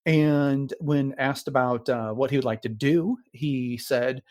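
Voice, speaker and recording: A man co-hosting a fan podcast, talking casually and with excitement, often pausing with fillers. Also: mid-range voice, dry recording, studio quality. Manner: enthusiastic fan, relaxed with fillers. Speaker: podcast co-host. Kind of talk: casual chat.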